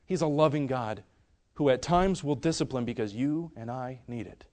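A young man preaching a sermon in an earnest way, swinging from loud emphasis to soft, hushed storytelling. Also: mid-range voice, normal speed.

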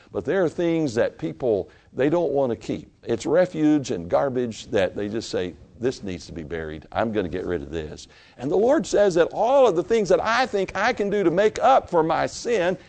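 A man preaching a sermon in a church, pleading softly at times and rising to loud, impassioned exhortation as he gives an altar call. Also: mid-range voice, vocal fry. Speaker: pastor. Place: church sanctuary.

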